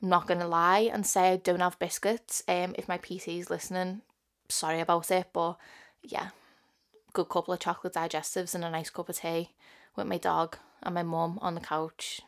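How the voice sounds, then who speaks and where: A woman's voice: lowish voice, little pitch movement, moderate pace. A 21-year-old woman from Liverpool with a Scouse accent, chatting casually and rambling on her solo podcast with lots of "like" fillers. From Liverpool, England. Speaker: podcast host.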